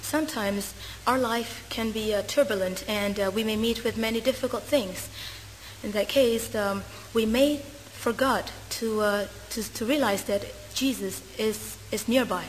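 Woman, English speaker, sermon interpreter, fairly high voice, halting with fillers, reverberant hall. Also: slight background noise. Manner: hesitant, many uh fillers and self-corrections. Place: church hall. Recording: reverberant hall, faint ambience.

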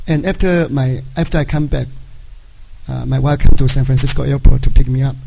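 A middle-aged man, a native Chinese speaker, giving a personal testimony to a congregation in halting speech, often checking in with "right?". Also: medium pitch, fairly even intonation, gravelly, noisy background. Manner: halting, frequent "right?" tag questions. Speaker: church member giving a testimony.

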